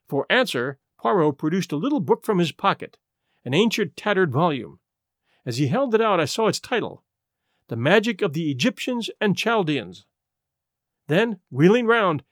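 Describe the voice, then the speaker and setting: A man reading a classic detective story aloud as an audiobook narrator, in an even storytelling manner. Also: high voice, moderate pace, no room sound, studio quality. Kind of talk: scripted narration.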